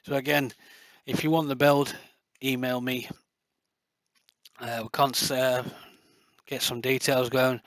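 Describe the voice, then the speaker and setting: A man's voice: medium pitch, little pitch movement, normal speed, no echo. Passionate rambling man. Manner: passionate, boastful, rambling with many fillers. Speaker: light gun builder and video creator. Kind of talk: casual rambling talk to camera.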